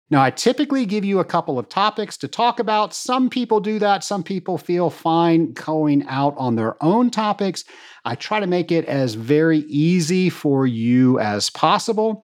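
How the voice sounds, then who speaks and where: A male podcast host speaking solo to his audience, enthusiastic and full of thanks. His voice sits a little high for a man and swings widely in pitch as he talks. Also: a little mellow. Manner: enthusiastic, grateful, promotional.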